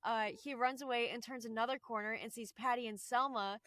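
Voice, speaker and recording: A woman's voice: a little high, fairly even intonation, fairly quick, fairly bright tone, no echo, clean studio sound. A woman co-hosting a casual podcast chat, enthusiastic and laughing often as she acts out lines. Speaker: podcast co-host.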